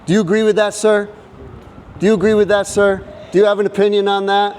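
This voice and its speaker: A man preaching in the open air to passers-by in a loud, insistent, declaiming way. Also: high-pitched, flat delivery, fast, slight background noise, poor audio. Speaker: street activist. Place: outdoors by a government building.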